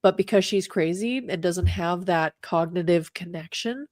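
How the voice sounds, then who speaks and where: A woman's voice: on the low side, normal speed, a little mellow, no echo, clean studio sound. A middle-aged woman co-hosting a casual chat, telling stories in an emphatic, chatty way. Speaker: podcast co-host.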